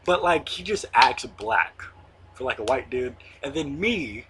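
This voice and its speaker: A man's voice: mid-range voice, animated, unhurried, background noise. A young man in his late teens hosting his own online show, rambling casually with lots of fillers and the odd swear word. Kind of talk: casual monologue to camera.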